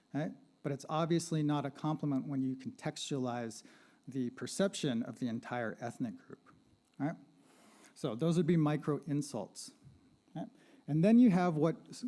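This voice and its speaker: A man's voice: a little high, dark tone. A man giving a lecture-style talk at a gallery panel, conversational, checking in with "right?" and asking the audience questions. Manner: asks the audience questions and invites participation. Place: art gallery panel event.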